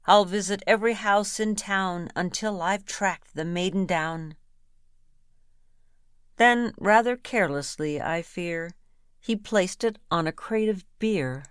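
A woman reads comic rhyming verse in a slow, playful rhythm. Her voice sits a little low, and the recording is close and dry with no room sound. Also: no room sound. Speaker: reader.

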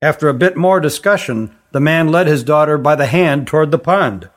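A man's voice: a little high, normal speed. Male audiobook narrator with a raised voice.

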